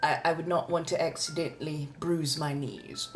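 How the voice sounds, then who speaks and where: Woman, theatrical drawn-out chat, calls viewers darlings, lowish voice, faint music behind. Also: fairly even intonation. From Southern California. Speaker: streamer reading tarot. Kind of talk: casual live-stream chat. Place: home.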